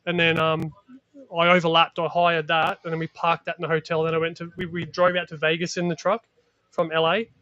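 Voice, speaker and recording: Brief: energetic Australian male guest, slangy storyteller, slightly high voice, dry close sound. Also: brisk, no echo, lo-fi sound. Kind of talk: casual chat.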